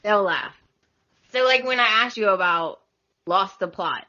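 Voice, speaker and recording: Southern US woman guest, bright and giggly, hesitant, slightly dull sound. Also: medium pitch, animated, a little slow. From southern United States. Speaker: podcast guest. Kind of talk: casual chat.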